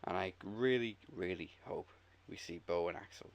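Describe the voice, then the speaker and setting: A man co-hosting a wrestling podcast in casual chat, easygoing and quick with dry quips. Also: low voice, creaky. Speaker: podcast co-host.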